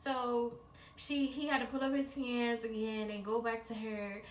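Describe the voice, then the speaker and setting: A woman's voice: a little high, flat delivery, measured pace. A woman vlogger telling a personal story in a chatty, slangy way, talking straight to her viewers. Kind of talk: casual storytime. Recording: echoey room, distant mic, faint hiss.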